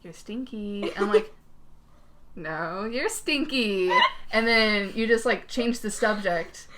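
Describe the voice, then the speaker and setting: A woman co-hosting a podcast, telling a story in a casual, animated way, laughing often and swearing freely. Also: mid-range voice, moderate pace, over a noisy crowd. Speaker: podcast co-host. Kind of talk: casual chat.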